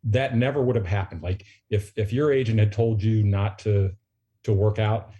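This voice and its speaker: Male guest, 60s, low and warm voice, measured and thoughtful. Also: fairly even intonation, muffled recording. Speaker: guest, former basketball executive. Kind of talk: reflective conversation.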